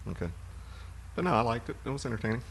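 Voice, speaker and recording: A man's voice: mid-range voice, racing, vocal fry, slight background noise. A man co-hosting a podcast, chatting casually and rambling about movies he has watched. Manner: relaxed, rambling storyteller. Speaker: podcast co-host.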